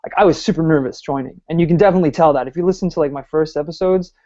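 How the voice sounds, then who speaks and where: A man from Ireland, a podcast guest, with a somewhat high voice who rambles along, full of fillers and self-deprecating asides. The audio is dull and lo-fi. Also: racing, dark tone. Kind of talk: casual podcast chat.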